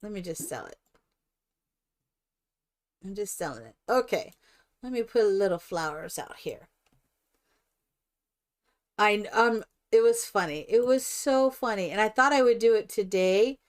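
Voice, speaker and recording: Older woman streamer, chatty and smooth-voiced. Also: medium pitch, a little slow, long pauses. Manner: chatty, rambling storyteller, animated and laughing. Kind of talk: casual chat while playing a life-simulation game.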